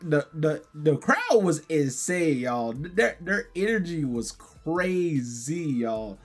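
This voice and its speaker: Hoarse guy chatting to viewers. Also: fairly high pitch, very animated, slow pace. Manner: chatty, repetitive, keeps saying "y'all". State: hoarse, voice worn from yelling. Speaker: gaming and convention vlogger. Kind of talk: casual vlog talk to viewers.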